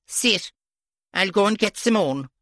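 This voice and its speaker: A woman playing a brisk older nun who gives motherly commands. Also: mid-range voice, lively intonation, fairly bright tone, no echo, clean studio sound. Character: brisk older Irish nun, bossy but kind.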